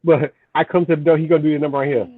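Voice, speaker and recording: A man's voice: fairly high pitch, steady tone, very fast, crowd noise. Man joking over a thin, tinny line. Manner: joking interjector, repeats "hey" to cut in. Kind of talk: casual podcast chat. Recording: thin phone-like audio.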